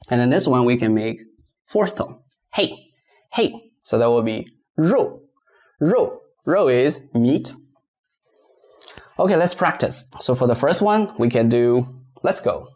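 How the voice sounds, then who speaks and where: A man with a Mandarin Chinese accent, a native Mandarin speaker, teaching a beginner pronunciation lesson and repeating each word slowly so learners can practice. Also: mid-range voice, a little mellow.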